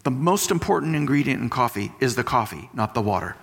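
A man's voice: medium pitch, lively intonation, fast talker, gravelly, fairly bright tone, breathy edge. A married man preaching a sermon, teaching through everyday comparisons and repeating key phrases for emphasis. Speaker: pastor. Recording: long hall reverb.

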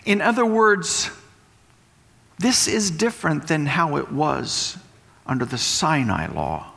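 A man's voice: fairly high pitch, lively intonation, slow, vocal fry, fairly bright tone. A man preaching a sermon, explaining and repeating points for emphasis. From West Texas. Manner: explanatory, emphatic teaching with repetition. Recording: long hall reverb.

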